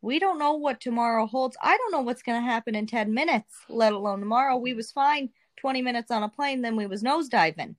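A woman's voice: on the high side, fairly quick, few pauses. A young adult woman earnestly and candidly sharing her faith testimony as a guest, in a colloquial way. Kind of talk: casual testimony retelling.

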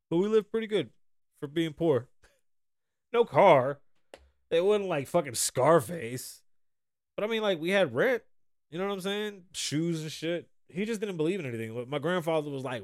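A man's voice: on the high side, expressive, moderate pace, no echo. Profane, rambling man hosting a podcast. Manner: loose, profane, rambling storytelling. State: strained voice from a pulled vocal cord and sinus infection. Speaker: podcast host. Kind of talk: casual chat.

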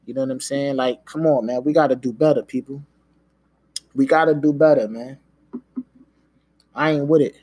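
A male podcast host rants casually and emphatically in quick bursts, swearing freely and repeatedly dropping "man" and "yo." His mid-range voice is husky and darkish with fairly even intonation, captured on a dry recording.

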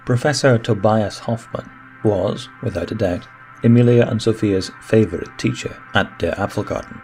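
A man narrating a story in a steady, even way. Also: lowish voice, normal speed. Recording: music bed under narration.

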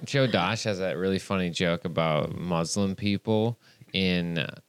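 A man's voice: deep voice, measured pace, smooth, dry recording. A man co-hosting a podcast, joking around and doing goofy voices in casual banter. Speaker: podcast co-host.

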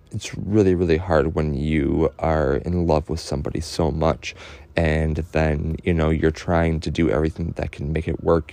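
A man with a low, dark voice tells his own story in a halting monologue, stopping and restarting often. He speaks earnestly and lets his feelings show, and a gravelly fry runs through his words. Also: no echo. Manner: halting, with many fillers and restarts; earnest and openly emotional.

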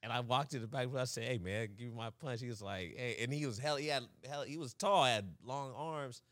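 A man's voice: medium pitch, brisk, fairly bright tone, no echo, clean studio sound. A young man co-hosting a podcast, telling a story in casual chat, acting out the quotes and laughing often. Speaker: podcast co-host.

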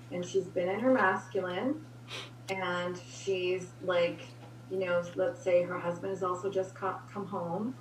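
Woman giving relationship tips, upbeat, sounds far from the mic in an echoey room. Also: on the low side. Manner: energetic, acts out example dialogue. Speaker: guest giving relationship advice. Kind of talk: casual conversation. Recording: roomy, distant mic with faint hum.

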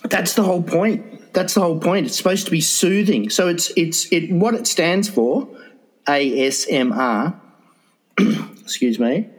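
Male co-host, jokey and halting, pitched a bit high. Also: expressive, poor audio. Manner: jokey, hesitant with many fillers. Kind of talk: casual chat.

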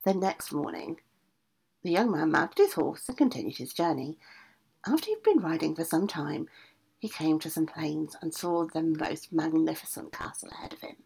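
Lively, husky woman reading a fairy tale. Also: sits low, moderate pace. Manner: lively, with casual asides. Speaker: storyteller.

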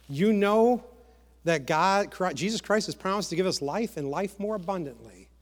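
A man preaching a sermon with passion, repeating words and dropping to a hush to press a point. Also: sits high, long reverb tail. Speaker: pastor.

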